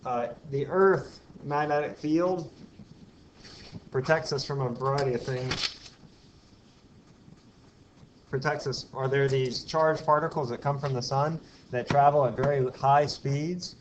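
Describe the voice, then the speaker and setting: A man's voice: mid-range voice, steady tone, unhurried, long pauses. A man giving a physics lecture in a classroom, explaining step by step, putting questions to the class and telling the odd aside. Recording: dull lo-fi classroom recording with faint hiss.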